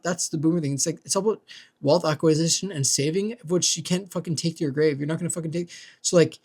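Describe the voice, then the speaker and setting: A young vlogger, his voice fairly high, husky, and darkish, rants fast and casually about his neighbors. He rambles, swears, and drops "like" and "dude" into every sentence.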